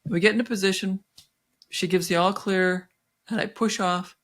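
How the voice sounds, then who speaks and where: Here a physician in her 60s, medium-pitched and speaking at normal speed, shares a personal anecdote during an interview. She restarts often and uses many fillers, telling it with animation and acting out what others said.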